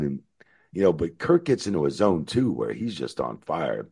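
Middle-aged American guest, very deep husky voice, animated storyteller who acts out quotes. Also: male voice, normal speed. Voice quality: very deep gravelly voice. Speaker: former wrestling referee, guest. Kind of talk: storytelling interview answer.

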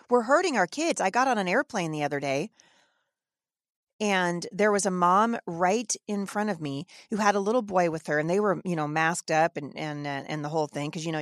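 A woman's voice: on the low side, dry recording, clean studio sound. A woman hosting a podcast, giving emphatic, indignant opinion commentary and often restarting her sentences. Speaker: podcast host.

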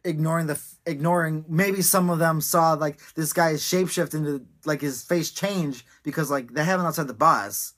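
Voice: medium pitch, normal speed, hardly any pauses, a bit bright. A podcast co-host in casual movie chat, teasing and wry in banter.

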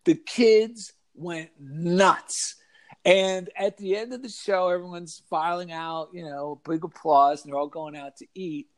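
High-voiced man telling a lively story. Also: unhurried. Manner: lively, acts out voices of kids and himself. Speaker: author and guest. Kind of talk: animated storytelling in a chat.

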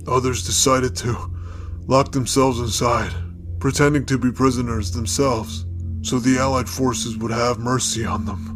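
A man playing an elderly grandfather with a guilty secret, speaking slowly and wearily in a dramatized story with music behind. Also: mid-range voice, natural voice. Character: old dying grandfather, ex-SS officer in disguise. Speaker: narrated figure.

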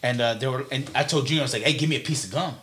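A man's voice: medium pitch, rapid-fire, over a noisy crowd. A young man from Texas in casual chat, telling a long story and checking in with his listeners constantly.

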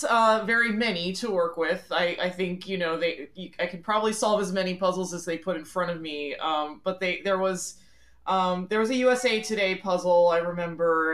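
A woman's voice: lowish voice, a bit bright. A woman in her forties from the Philadelphia area, a guest on a phone call, answering in a chatty, frank and self-deprecating way with many fillers. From Philadelphia area, USA. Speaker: interview guest. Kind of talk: conversational interview answers.

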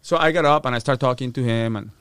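A man's voice: medium pitch, fast, smooth, no echo. A man with a Spanish-influenced accent telling his story in casual talk, acting out the people he quotes and swearing freely. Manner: animated, acts out quotes, swears. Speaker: guest.

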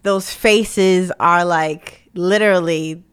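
A young woman co-hosting a casual chat, telling self-mocking stories in an animated way. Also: on the low side, slow pace, smooth. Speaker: podcast co-host.

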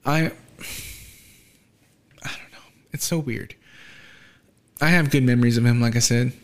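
A young man hosting a podcast, talking casually and quietly, with many fillers and pauses, subdued by grief. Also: mid-range voice. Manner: soft, halting, with frequent fillers and trailing off. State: grieving, subdued. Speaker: podcast host. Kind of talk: casual solo podcast talk.

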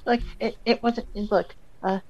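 A man's voice: sits high, steady tone, unhurried, husky, muffled recording, pitched above the performer's own voice, exaggerated voice. A man playing a sheepish young man, stammering apologies in a tabletop game.

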